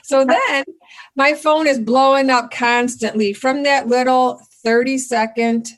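Animated middle-aged woman telling a story. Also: high-pitched, measured pace. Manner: animated, excitable storyteller who acts out her own lines. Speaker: company founder, guest. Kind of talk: casual interview storytelling.

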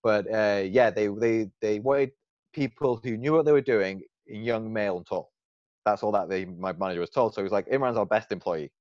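A man's voice: lowish voice, normal speed, no room sound. A man with an English accent telling stories in casual podcast chat, restarting sentences as he goes. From England. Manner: animated storyteller, rambling restarts. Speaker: podcast co-host. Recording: dull dry lo-fi sound.

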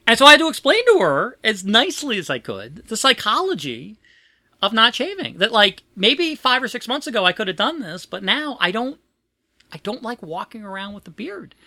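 Woman, casual podcast chat, piercingly bright tone, dry close sound, chatty and self-interrupting. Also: a little high, big pitch swings, normal speed, dry recording. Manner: rambling, chatty storytelling with frequent laughs.

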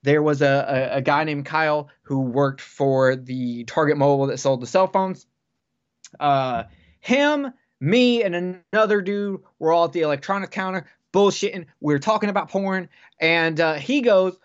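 A man chats casually on a podcast, spinning long rambling stories and swearing freely. His voice sits a little high. The recording sounds dull and lo-fi. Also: normal speed, clean tone. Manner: rambling, profane, animated storyteller. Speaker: podcast guest. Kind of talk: casual storytelling chat.

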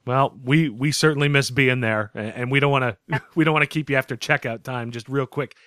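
A man's voice: mid-range voice, brisk, fairly bright tone, dry recording, studio quality. A man hosting a podcast, chatting casually, joking and swearing freely. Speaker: podcast host.

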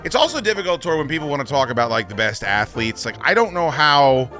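Animated, bright-voiced male radio host. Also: medium pitch, quick pace, soft background music. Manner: animated, profane, rambling. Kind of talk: casual radio talk.

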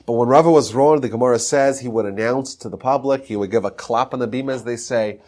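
A man's voice: mid-range voice, fast, darkish tone. A man giving a podcast lecture on Talmud history, teaching emphatically and mixing in Hebrew terms.

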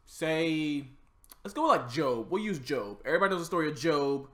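A man's voice: a little high, animated, fairly quick, a bit bright. A man in casual chat, joking but hesitant, often searching for words.

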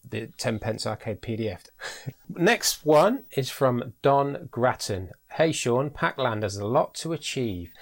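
A British man hosting a podcast in casual chat, talking in a chatty way and often repeating words as he thinks. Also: mid-range voice. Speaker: podcast host.

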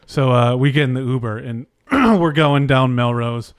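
A man's voice: mid-range voice, steady tone, normal speed, clear, resonant tone, no echo, clean studio sound. Swearing man telling a rambling story. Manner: rambling storyteller, swears casually, acts out quotes. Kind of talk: casual chat, telling a story. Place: Los Angeles area.

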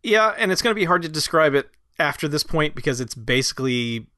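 Podcast guy, super lively pitch, kinda incredulous, swears some. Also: brisk, dry recording. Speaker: podcast co-host. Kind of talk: casual movie recap chat.

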